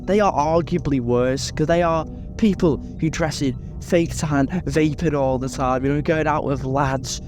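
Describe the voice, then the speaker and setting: A man's voice: fairly high pitch, a little slow, few pauses, over music. A British man narrating an exasperated, sweary rant. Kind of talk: ranting commentary.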